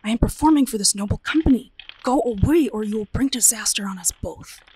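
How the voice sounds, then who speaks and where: A woman's voice: on the high side, expressive, brisk, a little mellow, a little hiss or hum, close to an everyday voice. A woman voicing a young blind male musician in a storybook reading, speaking in a pleading, insistent way. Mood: agitated.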